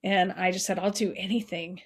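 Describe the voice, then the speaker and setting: A middle-aged woman, a podcast guest, telling a painful personal story in an earnest, heartfelt way with quick restarts. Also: lowish voice, fairly even intonation. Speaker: podcast guest, nonprofit founder.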